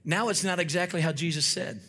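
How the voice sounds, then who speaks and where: A male pastor preaching a sermon in a high, sharp, slightly husky voice. He drives his points home with repetition and loud, emphatic bursts, then drops into quieter asides. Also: fairly quick. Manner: fervent preaching with repetitions and rising emphatic shouts; acts out little scenes with quoted voices.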